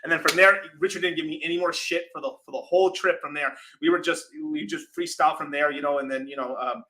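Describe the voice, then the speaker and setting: A man hosting a casual vlog, telling an animated, profane story with lots of laughing asides. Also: a little high, fast, slight background noise. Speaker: crypto channel host.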